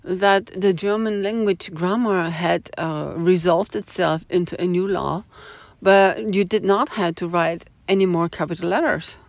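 A woman's voice: on the low side, steady tone, unhurried, dry recording. Rambling opinionated woman, dry close sound. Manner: rambling, opinionated, with frequent asides. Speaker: vlogger. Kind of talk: casual monologue to camera. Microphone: small phone camera.

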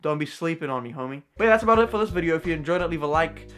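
A man's voice: fairly high pitch, animated, very fast, a bit bright, faint music behind. Slangy young man telling a story. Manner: slangy, full of fillers and "bro". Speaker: vlogger and card magician. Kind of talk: casual storytelling to camera.

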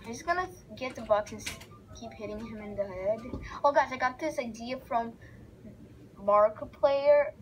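A young woman giving rambling, excitable let's play commentary as she narrates a game aloud. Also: on the high side, brisk, slight background noise, poor audio. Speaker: gamer.

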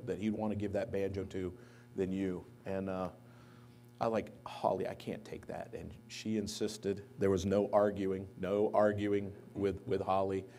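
Man, pastor type, eulogy in a church, lowish mellow voice, storytelling that perks up on quotes. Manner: anecdotal storytelling, lively when quoting others. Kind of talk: eulogy at a memorial service. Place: church sanctuary.

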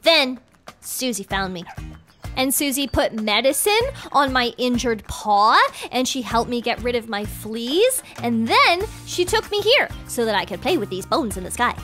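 Woman storyteller, game role-play narration, excitable, very expressive pitch, background music. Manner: excitable, fast chatter with gasps.

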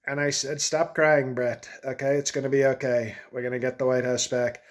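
A man's voice: mid-range voice, level tone, moderate pace, lightly acted. A man doing a blustering older ex-president. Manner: rambling, repetitive, self-aggrandizing. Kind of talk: comedic political impression.

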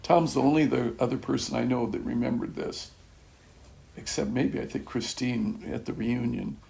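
Older guy telling his faith story to a small group, gravelly voice, keeps restarting and chuckling. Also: mid-range voice. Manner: rambling, halting, with many restarts and soft chuckles. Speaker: speaker at a church gathering. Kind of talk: casual spoken testimony.

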